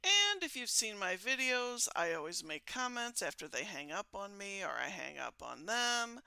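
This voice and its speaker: A woman's voice: mid-range voice, sing-song, normal speed, vocal fry, pushed and bright, smooth. An older woman hosting a podcast, chatting casually with a sarcastic, amused edge. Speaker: podcast host.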